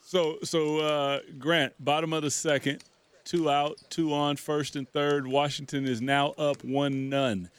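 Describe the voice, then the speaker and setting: Male co-host, upbeat and eager, slightly high voice. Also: little pitch movement, measured pace, clear, resonant tone. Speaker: sports radio co-host. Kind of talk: sports radio talk.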